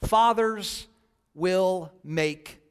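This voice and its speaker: High-voiced preacher in a hall. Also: male voice, very slow, smooth. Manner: preaching, jokes then earnest statistics. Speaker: pastor. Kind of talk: sermon.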